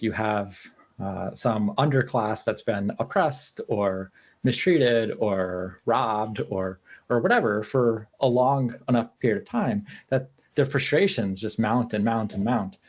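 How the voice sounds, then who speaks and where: This man's voice sits low and has a husky grain. He talks through his ideas haltingly, with frequent fillers and restarted phrases. The audio is somewhat dull and lo-fi. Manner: hesitant, many fillers and restarts. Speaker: researcher guest. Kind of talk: casual interview talk.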